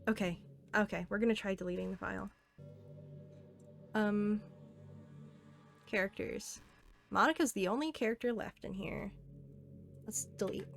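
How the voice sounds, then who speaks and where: A woman gaming streamer giving casual commentary in a halting, hesitant way. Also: medium pitch, vocal fry, soft background music.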